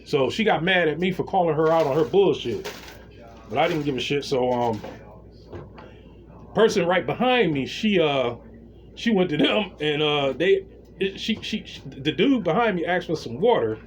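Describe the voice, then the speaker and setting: A man's voice: fairly high pitch, moderate pace, a little hiss or hum. A man with a slightly raised voice tells a story in a casual vlog rant. He talks bluntly and with slang, and he acts out the exchanges as he tells them. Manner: blunt, slangy, animated retelling. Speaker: vlogger telling a story.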